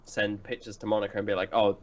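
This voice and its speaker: A man guest on a casual podcast, speaking in low-key, dry asides. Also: steady tone, moderate pace, lo-fi sound, a little hiss or hum.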